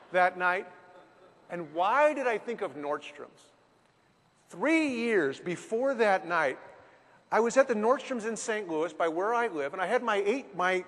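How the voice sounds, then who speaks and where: A man telling a story as a business speaker, lively, with dramatic pauses. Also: sits high. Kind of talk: storytelling talk. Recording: long hall reverb.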